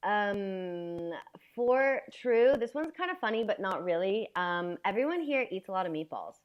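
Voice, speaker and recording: American woman guesting on a podcast, chatty, lively storyteller, mid-pitched voice. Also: measured pace, dull audio. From United States. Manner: animated storyteller who acts out quoted exchanges. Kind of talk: casual chat.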